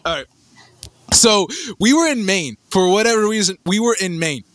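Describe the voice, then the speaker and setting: A young man co-hosting a podcast, chatting casually with lots of stammered restarts and excited rambling. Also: high voice, normal speed, no echo. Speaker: podcast co-host. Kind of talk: casual chat.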